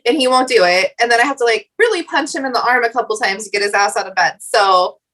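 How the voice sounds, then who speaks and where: A woman's voice: fairly high pitch, fast, a bit bright. Blunt, salty woman panelist. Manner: blunt, profane, laughing asides. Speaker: podcast panelist. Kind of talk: casual roundtable chat.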